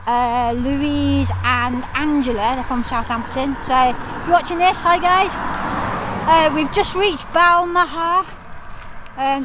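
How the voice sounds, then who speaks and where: Chatty woman hiking vlogger, slightly high voice, faint outdoor noise behind. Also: fairly bright tone. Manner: chatty, upbeat, laughs often. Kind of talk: casual vlog to camera.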